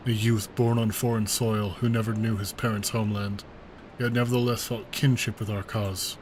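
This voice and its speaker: A man voicing an older male resistance commander while reading game dialogue aloud, earnest and measured. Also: fairly low pitch, little pitch movement, a little hiss or hum, lightly acted, poor audio.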